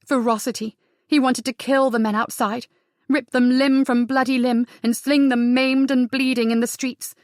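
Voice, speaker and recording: A woman narrating a historical romance audiobook, in a measured, even reading with the dialogue softened. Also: high-pitched, no room sound, studio quality. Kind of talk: scripted narration.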